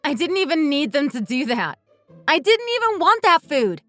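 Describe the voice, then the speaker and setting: A woman's voice: sits high, sing-song, moderate pace, bright, forceful tone, faint music behind, heavily acted. A woman voicing a resentful wife fed up with her husband, speaking in a bitter, accusing way. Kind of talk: scripted dialogue drama.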